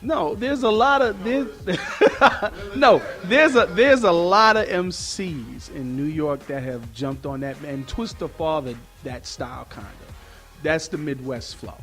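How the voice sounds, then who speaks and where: A man's voice: on the high side, takes it slowly, a bit bright, soft background music. A man in a casual radio chat, weighing his words.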